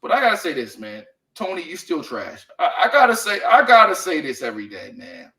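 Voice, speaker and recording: A man's voice: fairly high pitch, wildly swooping pitch, a little fast, pushed and bright, roomy sound, low-quality recording. A man co-hosting a casual sports talk show, blunt and profane, leaning on "man" and "you know what I mean.". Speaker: sports podcast co-host.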